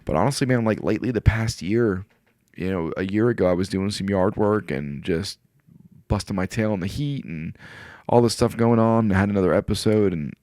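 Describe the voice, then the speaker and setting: Podcast guest, man in his forties, low voice, dry studio sound, earnest and rambling. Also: brisk, a little mellow, no room sound. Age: 40s. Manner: earnest, rambling, often quotes himself. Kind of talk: casual conversation.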